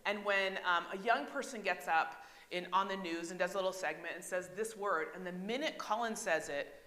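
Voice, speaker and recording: A woman's voice: mid-range voice, moderate pace, bright, forceful tone. Chatty woman pastor in an echoey church. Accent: American. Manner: chatty, asks the congregation questions, frequent "right?". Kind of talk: conversational sermon. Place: church sanctuary.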